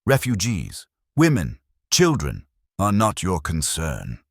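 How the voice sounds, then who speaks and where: A man's voice: low voice, wildly swooping pitch, slow, creaky, no room sound, clean studio sound, pitched above the performer's own voice, heavily acted. A man voicing a stern, cold German colonel who speaks in clipped threats. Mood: commanding.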